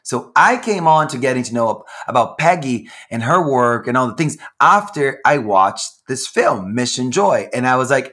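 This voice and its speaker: A man hosting his podcast in a raspy voice, talking in a sassy, exuberant way and calling his listeners honey. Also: mid-range voice, animated, normal speed, few pauses, fairly bright tone. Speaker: podcast host. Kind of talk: casual chat.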